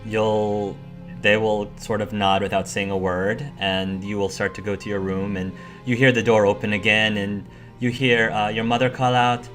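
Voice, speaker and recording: A man narrating a tabletop role-playing game as game master, slow and measured. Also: lowish voice, flat delivery, fairly bright tone, soft background music.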